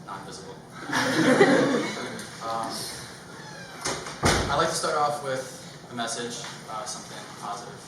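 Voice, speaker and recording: A man performing a stand-up routine on a comedy stage, nervous and halting, filling pauses with ums and uhs. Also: mid-range voice, wildly swooping pitch. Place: comedy stage before a live audience. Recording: echoey room from far off, loud background noise.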